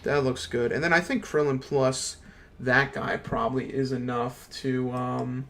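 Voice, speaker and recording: A man's voice: mid-range voice, fairly even intonation, a little slow, fairly bright tone. A young man streaming a game from his computer, ranting in a casual, profane, slang-heavy way. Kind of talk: casual gaming stream rant.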